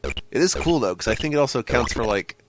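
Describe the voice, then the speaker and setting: A young man hosting a gaming channel rambles through a retro game, his medium-pitched voice fast and expressive. His let's play commentary is full of jokes and tangents.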